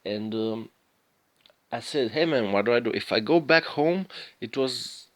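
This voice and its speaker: A man's voice: medium pitch, expressive, measured pace, no echo. A man, an English speaker, telling a rambling, profane story and often stopping to search for words. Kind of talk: rambling casual storytelling monologue.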